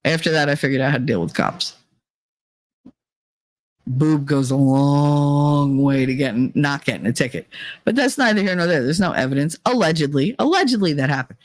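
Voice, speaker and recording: A woman's voice: low-pitched, moderate pace, no echo. A middle-aged woman hosting a casual chat stream, telling candid, profane stories and acting out the people in them. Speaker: livestream host.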